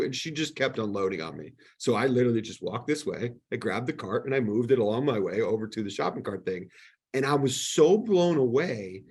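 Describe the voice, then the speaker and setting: A man in casual podcast chat, telling animated stories and acting out the exchanges he quotes. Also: medium pitch, fairly quick, breathy edge. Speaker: podcast guest.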